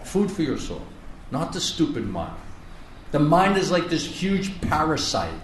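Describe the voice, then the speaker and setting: A man's voice: a little high, sing-song, a little slow, a little hiss or hum. A man giving a spiritual class as a monk, preaching earnestly and stretching out repeated words for emphasis. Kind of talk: sermon. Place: lecture hall in India. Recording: echoey room from far off, faint ambience.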